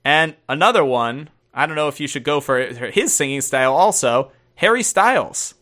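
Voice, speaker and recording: Bright-voiced jokey man chatting. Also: on the high side, animated, normal speed. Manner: jokey, playful, quotes people in funny voices. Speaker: podcast co-host. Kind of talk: casual chat.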